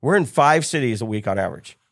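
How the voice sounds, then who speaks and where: A middle-aged man tells a story in a relaxed podcast chat, jumping into other people's voices as he quotes them. His voice sits in an ordinary middle register. The recording is close and dry, with no room sound behind it. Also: medium pitch, fast, no room sound. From United States. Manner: animated storyteller acting out quoted dialogue. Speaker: business coach, podcast guest. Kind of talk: storytelling in casual conversation.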